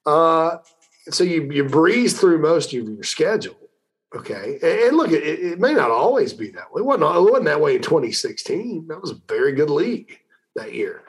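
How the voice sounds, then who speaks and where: A man's voice: a little high, big pitch swings. A man hosting a call-in sports talk show, talking loosely with repeated words and fillers. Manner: rambling, conversational, repeats words, pauses with fillers. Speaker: sports radio host.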